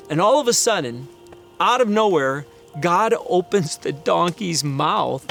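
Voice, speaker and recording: A middle-aged man preaching, an animated storyteller who acts out the voices in the story. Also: high-pitched. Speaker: pastor. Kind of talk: sermon storytelling.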